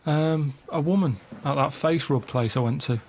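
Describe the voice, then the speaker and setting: A man co-hosting a comedy radio show, telling rambling stories in a deadpan way. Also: on the high side, moderate pace, a little hiss or hum. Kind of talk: casual comedic radio chat. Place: radio studio.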